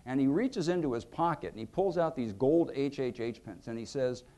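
A man in his fifties, an author telling anecdotes to an audience at a museum event, acting out quotes with lively pitch and volume. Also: moderate pace. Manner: animated, acts out quotes with lively shifts in pitch and loudness. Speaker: author giving a book talk.

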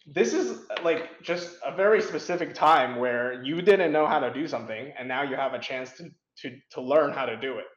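A man's voice: medium pitch, normal speed, hardly any pauses. A young man answering interview questions frankly, rambling with many fillers and restarts. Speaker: interview guest, competitive programmer. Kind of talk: casual interview chat. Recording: roomy, dull lo-fi sound.

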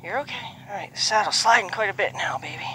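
A horse trainer speaking outdoors, softly reassuring a nervous horse over and over and now and then explaining her training to the camera. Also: medium pitch, quick pace, a little hiss or hum. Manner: soft, reassuring repetition to a horse.

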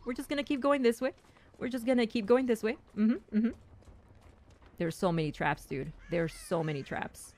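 A young woman streams a game and chats through it, excitable and quick to repeat herself. Her voice sits a little high and swings widely in pitch. She talks straight to her teammates in a casual, running commentary. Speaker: gaming streamer.

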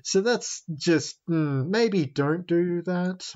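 A man's voice: sits high, lively intonation, slow, darkish tone. A man talking as a podcast guest in casual chat, wry and jokey, often trailing off into asides. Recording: dull lo-fi podcast audio.

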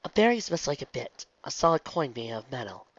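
A man voicing a remorseful, regal female pony princess, speaking in a soft, measured way. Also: medium pitch, big pitch swings, dry recording. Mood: solemn. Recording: dull lo-fi, dry.

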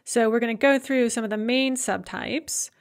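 A woman's voice: a little high, normal speed. A woman lecturer explaining verb endings in a methodical way, with frequent filler words. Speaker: Russian language lecturer. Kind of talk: recorded grammar lecture.

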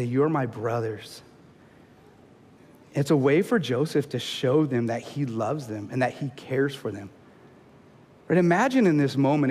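Preaching from a church sanctuary, a man with a darkish voice talks conversationally and often asks his congregation "right?" He builds to an emphatic, high-pitched climax when urging the men, with slight background noise and long church reverb.

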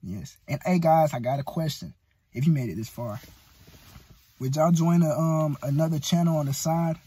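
A man's voice: a little high, normal speed, warm tone, breathy edge. A young man giving a casual, profane motivational rant as a vlogger. He talks bluntly and pushily and keeps saying "bro".

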